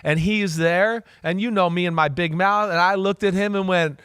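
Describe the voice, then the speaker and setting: Co-host, bright forceful male voice, dry studio sound, lively storyteller. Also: sits high, moderate pace, smooth, no room sound. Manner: animated storytelling, loud exclamations. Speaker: co-host, former NFL quarterback. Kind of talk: casual sports chat.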